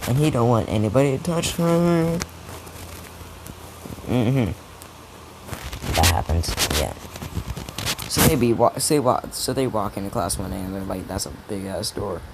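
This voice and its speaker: A man's voice: medium pitch, a little slow, long pauses. Rambling young man, noisy recording. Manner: rambling, profane, lots of restarts. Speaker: storyteller. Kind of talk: improvised fan-fiction storytelling. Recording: steady background noise.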